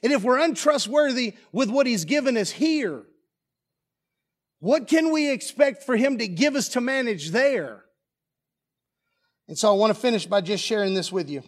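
A man's voice: very high-pitched, lively intonation, normal speed, long pauses. A man preaching a sermon as pastor, pressing the congregation with emphatic rhetorical questions in a church. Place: church sanctuary.

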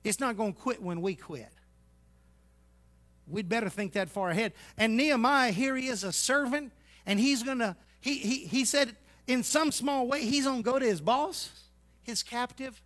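A man preaching a sermon, folksy and teasing, swinging from loud exhortation to hushed asides. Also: extremely high pitch, normal speed. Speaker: pastor.

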